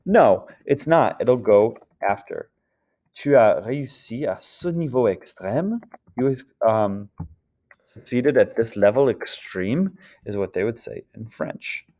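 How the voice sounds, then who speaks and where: A man teaches French grammar slowly and patiently, pausing frequently to ask his students "d'accord?" and filling gaps with "um." His medium-pitched voice is warm, with lively intonation.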